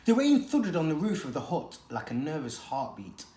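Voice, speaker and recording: A teacher reads a children's novel aloud with an expressive, dramatic storytelling manner. The pitch rises and falls a lot, the voice sits in a middle register, and the room has a noticeable echo. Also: moderate pace. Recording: echoey room.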